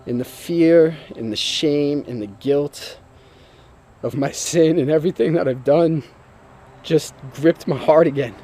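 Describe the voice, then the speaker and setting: A man's voice: a little high, measured pace, dark tone. A man earnestly and emotionally telling his personal testimony, sometimes repeating himself as he speaks.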